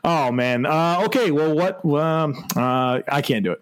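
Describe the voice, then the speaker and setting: A man's voice: fairly high pitch, measured pace, clean tone. A man co-hosting a casual sports podcast, chatting about football with frequent laughter and hesitant restarts. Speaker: podcast co-host.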